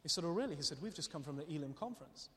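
A man preaching a sermon, telling stories in an animated way and laughing often as he speaks. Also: a little high, rapid-fire. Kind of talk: sermon with storytelling. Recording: long reverb of a hall.

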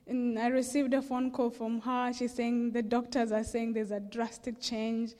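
A woman sharing a prayer testimony in a slow, earnest way at a gathering. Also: a little high, flat delivery, dark tone, in a large hall.

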